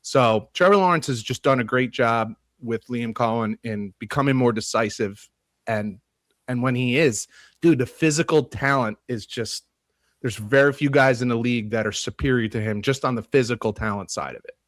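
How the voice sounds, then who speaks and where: A man co-hosting a sports podcast, talking casually and ranting with animated swearing. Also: mid-range voice, normal speed, no room sound. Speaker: podcast co-host. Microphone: podcast studio mic.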